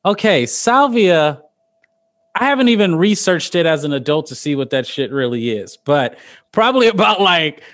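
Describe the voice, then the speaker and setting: A woman in her thirties, a podcast guest telling stories in casual chat, animated and profane, laughing often. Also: low-pitched, normal speed. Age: 30s.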